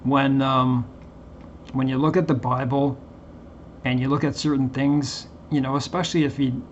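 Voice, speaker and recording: Man, mid pitch, flat and halting, reads aloud and comments; muffled lo-fi recording with light hiss. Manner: halting, reads haltingly with many fillers and restarts. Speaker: Bible commentary vlogger. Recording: dull lo-fi recording with faint background hiss.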